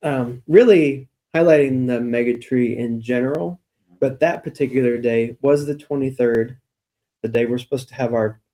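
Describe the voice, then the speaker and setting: A man co-hosting a church podcast, telling stories in a relaxed, chatty way. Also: medium pitch, normal speed. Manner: chatty, storytelling, light laughs. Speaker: church staff podcast co-host. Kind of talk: casual church podcast chat.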